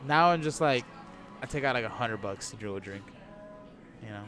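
A man's voice: mid-range voice, expressive, a little fast, a bit bright, soft background music. A man talking as a podcast guest in casual chat, laid-back, swearing a lot and laughing at himself.

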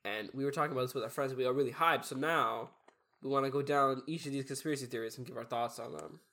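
A young man with a congested, slightly raspy and nasal voice talks casually on a podcast. His pitch sits in an ordinary middle range, and he rambles in an easygoing way. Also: fast, sharp tone. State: congested from a cold or allergies. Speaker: podcast co-host. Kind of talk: casual chat.

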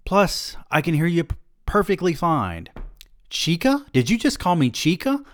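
A man voicing a high-strung, self-important novelist father at a wild party, in a comic reading. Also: big pitch swings, normal speed, no echo. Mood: frantic. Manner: loud, frantic, exaggerated.

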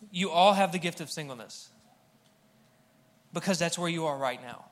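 A man's voice: fairly high pitch, fairly quick, a bit bright. A young man preaching a sermon to a live congregation in a church, humorous and conversational, speaking straight to the crowd. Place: church hall with audience.

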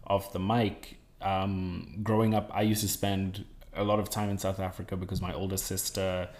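A male podcast host with a low voice. He responds to his guest in an appreciative, conversational tone. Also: little pitch movement, normal speed, darkish tone. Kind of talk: conversational interview.

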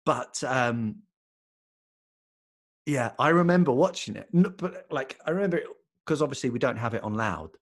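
A British man with a husky, slightly rough voice tells a story on a podcast. His pitch swings widely as he builds up to the funny part. He talks in a loose, casual way and laughs often along the way. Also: animated, moderate pace, long pauses. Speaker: podcast co-host. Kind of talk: casual chat.

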